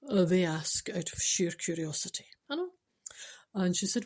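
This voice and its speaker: A woman's voice: fairly low pitch, lively intonation, moderate pace, a little mellow, slightly rough. An older woman with a Scottish accent hosting a podcast, rambling chattily through jokes without a script and laughing at her own punchlines. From Scotland. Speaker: podcast host. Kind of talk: unscripted joke-telling podcast.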